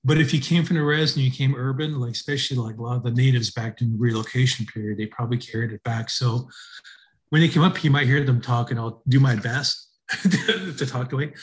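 A man, a podcast guest, telling stories in a relaxed, chuckling way during a casual conversation. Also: medium pitch, fairly quick.

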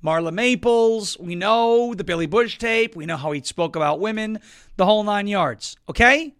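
A man from Long Island, New York, hosting a political talk show with wisecracking, sarcastic commentary and bursts of loud emphasis. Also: high-pitched. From Suffolk County, New York, US.

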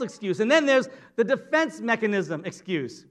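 A man's voice: sits high, big pitch swings, moderate pace. A male preacher giving a sermon in a playful, conversational way, often asking the congregation questions. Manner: playful, conversational, asks the audience.

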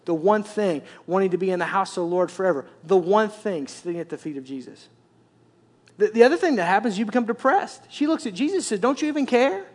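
A man pastor preaching a sermon, telling the story in an animated way with repetitive, emphatic phrasing. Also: high voice, fast talker.

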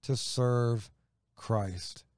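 A man co-hosting a faith show, reading scripture and preaching earnestly, slowing down to stress his points. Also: medium pitch, a little mellow, dry recording, clean studio sound. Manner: earnest, slows down for emphasis.

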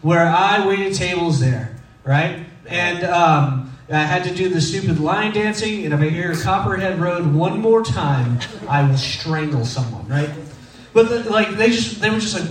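His voice sits high and expressive, and he keeps a measured pace. He's a thirty-something Texan preaching through relaxed, funny, self-mocking stories, captured by a distant mic in an echoey space.

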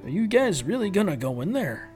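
Man voicing a talkative courier NPC; fillers, hesitant, friendly, a bit high-pitched. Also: big pitch swings, brisk, a little mellow, soft background music. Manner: rambling, hesitant, full of fillers. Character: chatty friendly male courier, middle-aged.

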